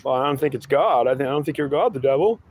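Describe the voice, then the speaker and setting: A man voicing a frustrated, weepy man who has long searched for god, whiny and defensive, pitched above his usual voice, in an improvised two-voice monologue. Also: animated, fast talker, a little mellow, slight background noise, close to an everyday voice.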